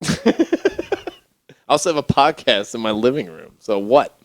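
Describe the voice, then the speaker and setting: A man's voice: medium pitch, a little slow, no echo. A young man, hosting a podcast from his living room, brash and profane, joking loosely. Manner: brash, profane, joking, says bro a lot. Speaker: podcast host. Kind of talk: drunk casual chat.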